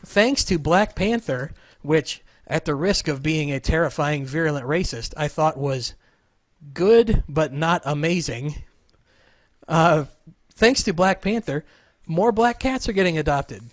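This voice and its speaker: A man's voice: fairly high pitch, expressive, measured pace, no room sound. A man in his thirties hosting a casual show over a video call, joking and rambling. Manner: joking, rambling, self-deprecating. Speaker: podcast host.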